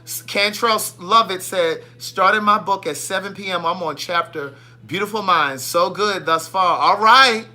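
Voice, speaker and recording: A man's voice: high-pitched, measured pace, hardly any pauses. A man hosting a casual live stream, greeting viewers by name in a playful, sassy way. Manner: playful, sassy, animated shout-outs. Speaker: livestream host.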